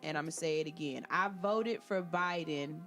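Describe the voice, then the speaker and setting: A woman hosting a casual comedic radio talk show, animated and slangy, breaking into loud laughs. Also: low-pitched, moderate pace.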